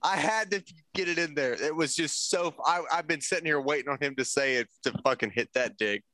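Bright-voiced profane joking podcaster. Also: male voice, a little high, fairly quick, dry recording. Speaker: podcast co-host. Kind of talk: casual podcast banter.

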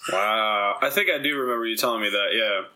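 A young adult man with a lowish voice hosts a casual podcast, telling stories briskly as an animated storyteller who acts out quotes and swears freely. The recording is rough.

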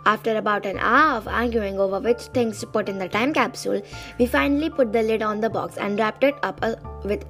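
A woman's voice: medium pitch, a little fast, a bit bright, soft background music. A young woman who has lost her voice reads a children's diary book aloud in a casual, chatty way, with small restarts. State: losing her voice. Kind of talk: casual storybook reading.

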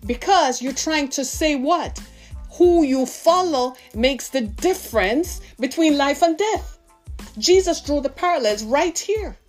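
A woman's voice: high-pitched, animated, takes it slowly, darkish tone, faint music behind. A woman in her fifties preaching a sermon, impassioned and full of rhetorical questions to her listeners. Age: 50s.

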